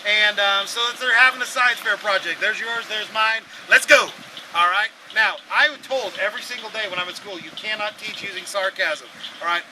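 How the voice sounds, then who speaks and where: High-voiced man preaching outdoors in wind. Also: moderate pace. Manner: sarcastic, animated storytelling with acted-out voices. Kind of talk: outdoor sermon. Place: outdoors at a campsite. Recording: windy outdoor noise.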